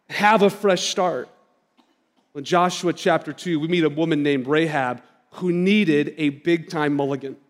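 Male pastor, pretty high voice, chatty storytelling sermon, big church reverb. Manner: conversational storytelling, direct asides to the congregation. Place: church sanctuary.

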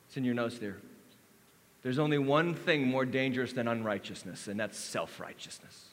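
A man's voice: medium pitch, moderate pace, in a large hall, slight background noise. A man preaching a sermon as lead pastor, acting out quoted voices and leading the congregation in call-and-response.

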